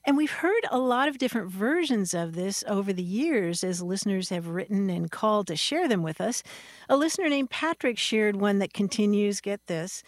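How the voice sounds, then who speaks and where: A woman's voice: medium pitch, lively intonation, moderate pace, dry recording, studio quality. A woman co-hosting a radio show about words, chatting playfully, laughing often and explaining word origins. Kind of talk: casual radio chat.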